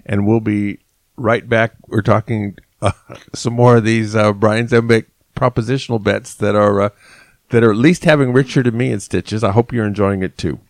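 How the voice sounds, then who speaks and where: A male show host leading into a commercial break in a relaxed way, with a few hesitations. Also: lowish voice, moderate pace, dry recording, clean studio sound.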